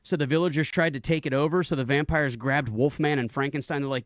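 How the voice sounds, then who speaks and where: A man's voice: fairly high pitch, steady tone, fast, no room sound, studio quality. A middle-aged man who is a guest on a talk stream, telling stories with enthusiasm. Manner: enthusiastic storyteller. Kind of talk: casual interview chat.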